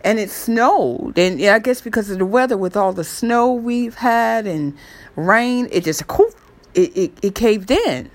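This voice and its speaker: A woman's voice: mid-range voice, lively intonation, unhurried. A woman casually retelling a story in a rambling, chatty way, with many fillers and restarts. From New York area. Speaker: true crime vlogger.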